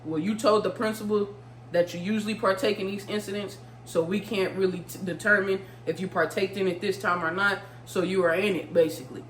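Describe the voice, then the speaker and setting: A woman doing a flat, stern cop. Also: medium pitch, a little fast, echoey room, a little hiss or hum, voice pushed down, close to an everyday voice, rough recording. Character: stern male police officer, flat and procedural.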